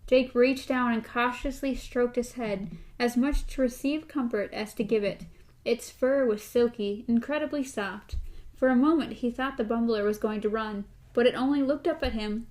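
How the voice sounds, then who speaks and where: A woman co-hosting a podcast, chatting casually and reading a novel aloud, animated and quick to laugh. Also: fairly high pitch. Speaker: podcast co-host.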